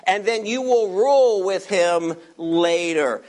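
A man preaching a sermon, directly addressing his listeners and stretching key words slowly for emphasis. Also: high-pitched, darkish tone. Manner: addresses listeners directly, asks them to turn pages. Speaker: pastor.

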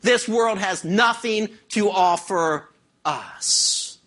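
A man's voice: high-pitched, extremely slow, a bit bright. A man preaching a sermon as pastor, asking the congregation rhetorical questions.

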